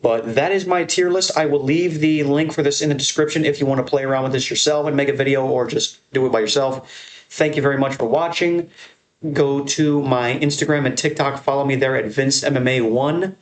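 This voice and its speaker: A young man giving casual, profane, rambling commentary on his channel, ranking fight crowds with excitement. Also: medium pitch, a little fast. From American Northeast. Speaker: MMA content creator. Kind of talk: casual tier-list commentary.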